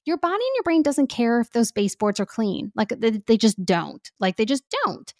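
A woman speaking as a parenting expert guest in casual podcast talk, animated and chatty with lots of fillers. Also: fairly high pitch, moderate pace, no room sound, studio quality.

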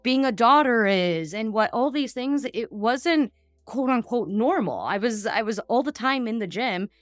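A woman's voice: on the high side, no echo, clean studio sound. A woman in her thirties, a gut health practitioner hosting a podcast, talking animatedly with lots of fillers and asides. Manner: animated, talks fast with many fillers and asides. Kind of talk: casual podcast conversation.

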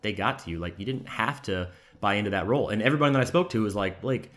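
A man telling stories in a casual chat, talking quickly and animatedly with many filler words. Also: lowish voice. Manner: fast, animated, lots of "like" fillers. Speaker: podcast guest, former reality TV contestant. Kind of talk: casual conversational storytelling.

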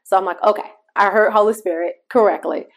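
Woman podcast host, middle-aged, mid pitch, conversational devotional storyteller who talks straight to her listeners. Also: steady tone. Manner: shifts pace between slow emphasis and quick asides.

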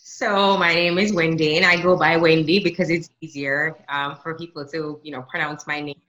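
A woman's voice: low-pitched, fairly even intonation, moderate pace, a bit bright, rough recording. A Jamaican woman in her thirties, a guest in a conversational interview, reflective and prone to restarts.

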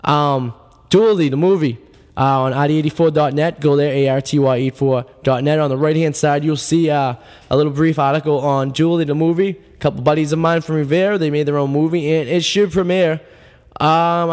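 A male radio host, telling a rambling, deadpan absurd story full of fillers, his voice getting worn. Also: a little high, normal speed, clean tone, long reverb tail. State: losing his voice. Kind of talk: casual storytelling monologue.

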